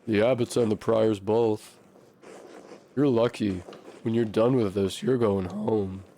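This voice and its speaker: A streamer voicing a tired, ambitious young monk in flat, unhurried game dialogue. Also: male voice, on the low side, a little hiss or hum, pitched below the performer's own voice. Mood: weary.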